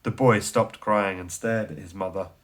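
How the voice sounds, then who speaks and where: A man reading a children's story aloud, animated and theatrical, dropping to a hush and then rising to excited bursts. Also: low-pitched, moderate pace. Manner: animated, swings from hushed to loud and excited.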